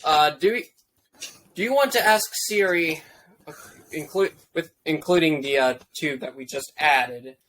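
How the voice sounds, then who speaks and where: A man's voice: fairly high pitch, unhurried, a bit bright, poor audio. A young man co-hosting a casual movie review podcast, talking in a hesitant way with many restarts. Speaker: podcast co-host.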